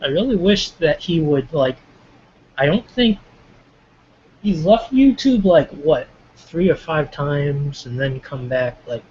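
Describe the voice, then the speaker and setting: A man's voice: on the high side, animated, takes it slowly, a little mellow. A man in a casual online group discussion who talks loosely and fills his speech with "like". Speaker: hangout participant. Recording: dull lo-fi call audio with faint background noise.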